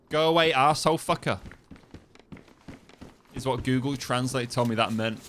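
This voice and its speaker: A man's voice: mid-range voice, animated, slow pace, long pauses, a little hiss or hum. A man streaming a survival game, laughing as he practises a foreign phrase over and over and swearing casually while he thinks aloud. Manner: laughing, repeating foreign phrases to get them right. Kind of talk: casual livestream commentary.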